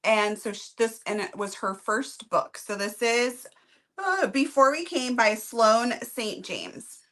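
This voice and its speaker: A woman's voice: fairly high pitch, takes it slowly, fairly bright tone. A woman co-hosting a book review channel, chatting casually and upbeat while summarizing a book.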